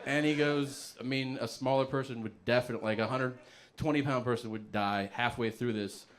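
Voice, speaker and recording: A male comedian telling a story in an animated way, acting out the other people's lines in quoted voices. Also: mid-range voice, brisk, a little hiss or hum.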